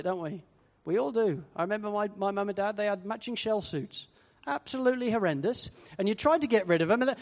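Speaking fast in a fairly high voice, a pastor gives an animated sermon, voicing the people he quotes. A long hall echo carries through the sound.

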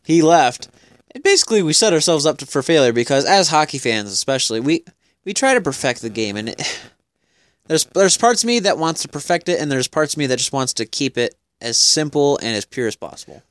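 A man's voice: on the high side, big pitch swings, no echo, clean studio sound. A man co-hosting a podcast, chatting casually about hockey, playful and teasing, often trailing off. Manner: playful, quick to tease, trails off mid-thought. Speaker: podcast co-host.

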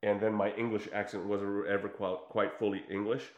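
A man's voice: on the low side, fairly quick. Chatty middle-aged man in an echoey room. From United States and former Yugoslavia. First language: Croatian. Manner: animated, rambling storyteller with many fillers. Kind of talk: casual chat. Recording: roomy echo.

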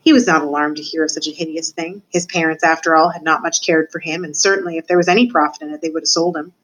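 A woman student reading a children's novel aloud, narrating with expressive voices for the characters. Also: sits low, fast talker, low-quality recording. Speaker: student reader.

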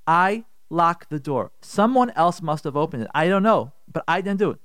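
A man voicing a half-awake wife who quietly and patiently insists she locked the door. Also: fairly high pitch, animated, brisk, dry recording, clean studio sound, lightly acted.

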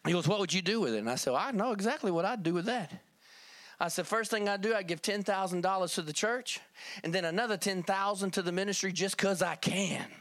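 A man's voice: high-pitched, fast talker, fairly bright tone, dry recording. A man from Kentucky telling a folksy testimony in a sermon, calling on the church for amens. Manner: folksy storytelling, calls for amen. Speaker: preacher.

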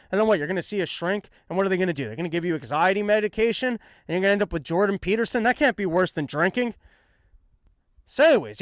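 High-voiced rambling comic podcast man. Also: smooth, no room sound, studio quality. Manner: rambling, self-mocking, jumps into mock dialogue. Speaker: comedian podcast host. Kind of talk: rambling comedic monologue. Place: his apartment.

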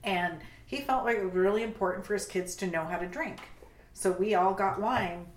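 A woman's voice: mid-range voice, moderate pace, a little hiss or hum. A woman co-hosting a podcast, chatting casually and encouragingly about wine. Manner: encouraging, brief affirmations. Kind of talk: casual chat. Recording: echoey room.

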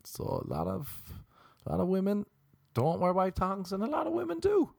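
A man's voice: sits high, sing-song, normal speed, vocal fry, darkish tone, no room sound, studio quality. A hungover man with an Irish accent, hosting a podcast in a rambling, self-mocking comedic monologue. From Ireland. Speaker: podcast host. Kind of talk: rambling comedic monologue, reading a joke erotic poem.

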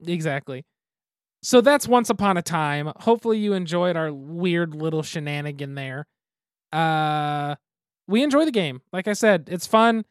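A man's voice: on the high side, expressive, moderate pace, smooth, dry recording, clean studio sound. A man co-hosting a podcast in casual chat, easygoing and self-deprecating, laughing often. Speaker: podcast co-host.

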